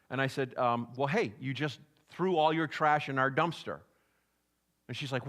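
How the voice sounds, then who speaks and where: A man's voice: medium pitch, steady tone, normal speed, fairly bright tone. A middle-aged man preaching a sermon in a church, telling stories and acting out the voices of the people in them. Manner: storytelling preacher who acts out voices of people in anecdotes. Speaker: pastor.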